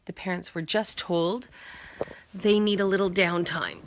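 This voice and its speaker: A woman vlogger telling a personal story casually, acting out the dialogue and often dropping to a hushed whisper. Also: lowish voice, steady tone, unhurried, slight background noise. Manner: often drops to a hushed whisper at tender moments; acts out quoted dialogue in her telling.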